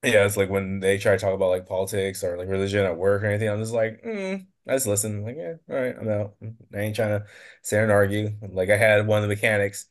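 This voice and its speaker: A man's voice: on the low side, completely flat delivery, fast. A man talking bluntly in a casual podcast chat, swearing freely and laughing often. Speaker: podcast guest.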